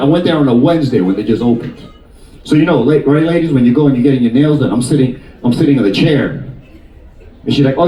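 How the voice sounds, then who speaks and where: A male stand-up comedian from Queens doing crowd work and animated storytelling on a cruise ship stage. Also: mid-range voice, a little hiss or hum. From Queens, New York. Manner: animated storyteller, quick shifts into character voices. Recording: echoey room, mic at a distance.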